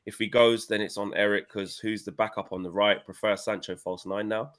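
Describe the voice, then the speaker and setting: Banterous young man, low voice. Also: little pitch movement, a little fast, a bit bright. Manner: banterous, playful, uses slang like "my son" and "innit". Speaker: co-host of fan channel livestream. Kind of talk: casual fan chat reading live comments.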